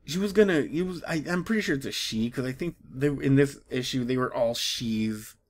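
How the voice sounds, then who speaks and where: A man in the middle of a casual vlog rant, his voice sitting at an ordinary pitch. He sounds exasperated and mocking, swinging between jabs and rambling restarts. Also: normal speed. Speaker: comics vlogger. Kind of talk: casual ranting commentary.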